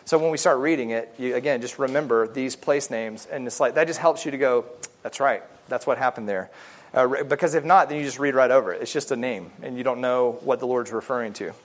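A man teaching a relaxed Bible study class, talking things through in a loose, chatty way and pausing on fillers as he goes. His voice sits at an everyday middle pitch for a man, and he moves between explaining and reading scripture aloud.

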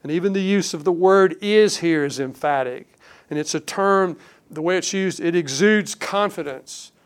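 A male pastor delivers a sermon with earnest, emphatic conviction. His voice is smooth and resonant and sits a little high for a man. He drops to a slower pace to lean on the key words. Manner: earnest, emphatic preaching with slow stressed phrases.

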